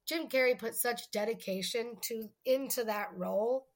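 A woman co-hosting a podcast in casual chat, talking fast and loosely, often slipping into quoted movie lines. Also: a little high. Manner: chatty, quotes movie lines in put-on voices. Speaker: podcast co-host.

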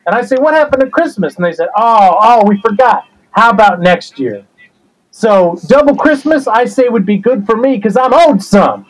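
A man's voice: high voice, expressive, normal speed, low-quality recording. A man playing a rambling, resentful black-sheep brother in an improvised comedy interview. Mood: aggrieved. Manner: rambling, grudging, aggrieved.

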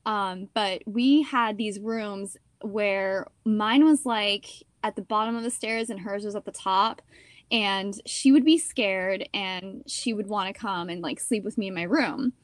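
A young woman actor telling stories in a casual interview, chatty and animated, with lots of "like" and "you know". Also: medium pitch, measured pace, dry recording, studio quality.

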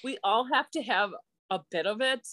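A woman's voice: fairly high pitch, moderate pace, pushed and bright. A woman in her thirties, a wedding photographer being interviewed, talking animatedly and laughing often. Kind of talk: casual conversational interview.

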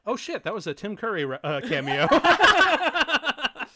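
A man chatting casually while watching a movie with friends, excitable, laughing often and swearing in mock outrage. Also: very high voice, a little slow, a little hiss or hum. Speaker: movie commentary co-host.

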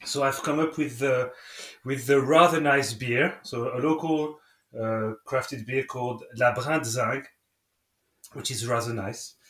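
A man from Europe co-hosting a casual podcast chat, cheerful and joking in a relaxed way. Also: medium pitch, measured pace, recorded from a distance. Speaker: podcast co-host. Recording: roomy sound with faint music behind.

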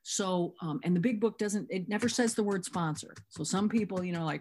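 Woman, middle-aged, slightly low voice, lively storyteller, plays out both sides of conversations. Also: brisk. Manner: animated storyteller, acts out both sides of dialogue. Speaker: workshop speaker. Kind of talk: recounting a sponsorship story.

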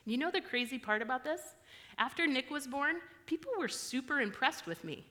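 A woman's voice: high voice, expressive, normal speed, bright, forceful tone, big-room sound. A woman giving a candid personal sermon in a frank, conversational, self-deprecating way. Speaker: church speaker.

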